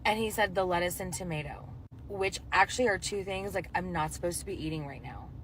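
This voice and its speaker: A young woman tells her story in an easy, rambling way, her voice a little lower than most. She leans on "like" as she talks, and a faint hiss sits under her voice. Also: fairly quick, a bit bright, low-quality recording. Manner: chatty, full of "like" fillers. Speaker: storyteller sharing a dating story. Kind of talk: casual storytelling.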